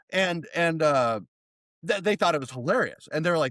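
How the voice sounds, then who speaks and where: An American man, a therapist, telling a story as a podcast guest in a rambling, animated way. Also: on the high side, moderate pace, no echo. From United States. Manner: rambling, animated, many restarts. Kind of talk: casual storytelling.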